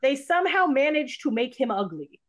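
A woman's voice: sits high, very animated, a little fast. A woman casually retelling a film's plot to friends, rambling and acting out the characters' lines. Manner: rambling retelling with quoted voices, lots of "like". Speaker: host recapping a film. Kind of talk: casual chat.

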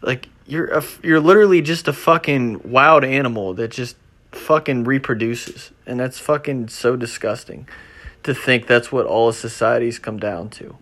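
A young man hosting his own show, ranting off the cuff with constant swearing, moving between low mumbles and loud agitated outbursts. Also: normal speed. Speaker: podcast host. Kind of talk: unscripted ranting monologue.

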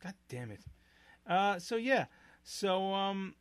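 A man's voice: high voice, sing-song, slow pace, fairly bright tone. A man co-hosting a live podcast, talking in a blunt, joking, profane way. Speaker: podcast co-host. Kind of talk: casual chat on a live podcast.

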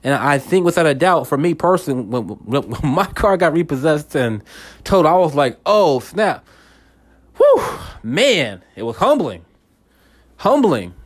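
A man's voice: fairly high pitch, very animated, moderate pace. A man hosting a podcast, talking through a casual faith monologue, repeating words and often checking in with listeners. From United States. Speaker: podcast host.

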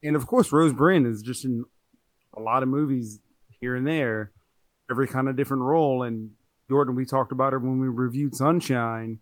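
A man's voice: mid-range voice, moderate pace, no echo. A man co-hosting a podcast, reviewing a movie in casual chat, rambling and correcting himself as he goes. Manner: chatty, rambling, self-correcting. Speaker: podcast co-host.

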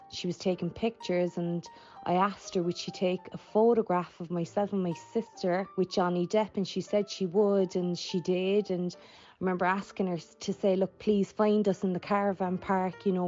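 A woman's voice: on the low side, a little mellow, dull audio. A woman with a Cork Irish accent telling a rambling anecdote in a voice message. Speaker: listener sending a voice message. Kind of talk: storytelling.

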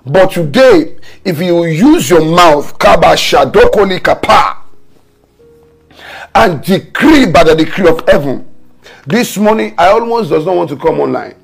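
A man's voice: fairly high pitch, animated, moderate pace, vocal fry, soft background music. A man pastor preaching an online morning prayer sermon, fervent, mixing tongues and repeated decrees with stories. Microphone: home camera setup for an online broadcast.

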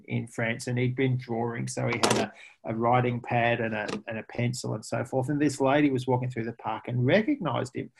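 A man being interviewed as a pricing expert, an animated storyteller who laughs often. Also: mid-range voice, gravelly, slightly rough. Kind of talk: conversational interview.

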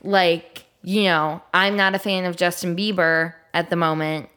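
A woman's voice: fairly low pitch, flat delivery, measured pace, sharp tone, clean tone. Young woman podcast co-host, slightly nasal, chatty, giggly, drifts off mid-sentence. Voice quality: a little nasal. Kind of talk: casual podcast chat.

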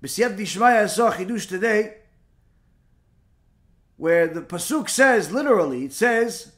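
Male rabbi, high-pitched, emphatic sermon delivery rhetorical questions. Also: expressive, unhurried. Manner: emphatic, rhetorical questions, mixes Hebrew terms. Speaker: rabbi giving a Torah class.

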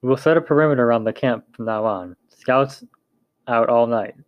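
A man's voice: medium pitch, moderate pace, smooth, natural voice. Brief: stern tribal chief, read by a man, curt orders, storybook, dull sound. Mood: commanding. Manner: commanding, curt. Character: authoritative male tribal chief.

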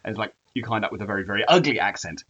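A man in his forties co-hosting a casual film podcast, jokey and animated. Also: lowish voice, racing, lo-fi sound, slight background noise. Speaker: podcast co-host. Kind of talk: casual film-discussion chat.

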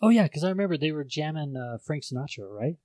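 A man's voice: fairly high pitch, lively intonation, fast, a little mellow, dry recording. Rambling, profane podcast guy. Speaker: podcast co-host. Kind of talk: casual chat.

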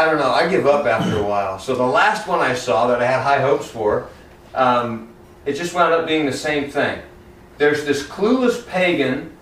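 A man preaching a sermon in a church, lively and conversational, often acting out Bible characters in casual everyday voices. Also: mid-range voice, slight background noise. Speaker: pastor. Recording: roomy echo, heard from a distance.

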